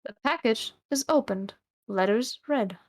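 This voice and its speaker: A woman taking part in a casual live read-along, reading the narration lines in a plain, even way and dropping in wry comments. Her voice sits a little higher than most women's. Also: measured pace. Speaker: guest co-reader.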